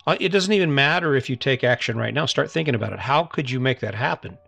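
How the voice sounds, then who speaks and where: A man's voice: mid-range voice, animated, quick pace, vocal fry, a bit bright, no room sound, soft background music. A middle-aged man hosting a podcast, giving an earnest, coaxing motivational talk that keeps repeating the same challenge to his listeners. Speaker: podcast host. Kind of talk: motivational monologue.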